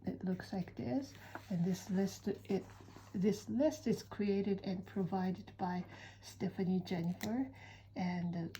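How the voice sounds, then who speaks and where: Soft-spoken slow woman teaching drawing. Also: medium pitch, slightly rough, low-quality recording. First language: Japanese. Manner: soft-spoken, slow, often drops to a near whisper. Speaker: certified drawing-art teacher. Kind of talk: calm step-by-step drawing tutorial.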